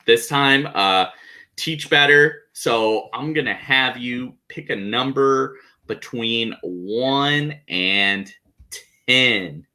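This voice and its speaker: A man hosting a podcast in a relaxed, casual chat, laughing often and using many fillers. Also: medium pitch, extremely slow. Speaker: podcast host.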